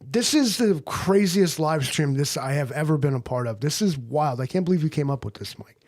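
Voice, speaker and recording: A man's voice: fairly high pitch, animated, brisk, a little mellow. A man rambling through an improvised comedy livestream, crude and loose, leaning on "like" and "you know".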